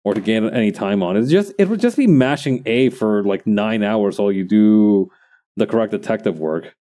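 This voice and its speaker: A man's voice: on the low side, expressive, moderate pace, warm tone. A man streaming while he crafts, chatting casually and thinking aloud to his viewers in a rambling way.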